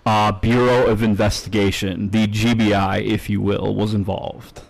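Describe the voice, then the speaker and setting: A man's voice: lowish voice, flat delivery, normal speed, gravelly, rough recording. A man co-hosting a podcast, ranting bluntly and swearing a lot in casual chat. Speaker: podcast co-host.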